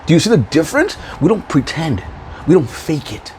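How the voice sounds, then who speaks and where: A man ranting straight to camera on his own channel, swearing and confrontational. His pitch swings widely as he jabs at his targets, and he laughs often between his points. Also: sing-song, fairly quick, darkish tone, a little hiss or hum, low-quality recording. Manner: profane, heated, confrontational, with frequent laughs. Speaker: YouTube channel host. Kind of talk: ranting vlog monologue.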